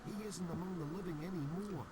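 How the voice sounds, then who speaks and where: A man putting on a hushed gossiping townsman. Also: high voice, fairly quick, pitched above the performer's own voice, lightly acted. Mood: secretive. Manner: secretive, conspiratorial storytelling. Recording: loud noise behind the voice.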